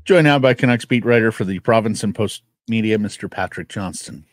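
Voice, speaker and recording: A man from Ontario co-hosting a sports radio show, chatting briskly and telling wry stories. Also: fairly low pitch, dry recording. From Ontario, Canada. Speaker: radio co-host.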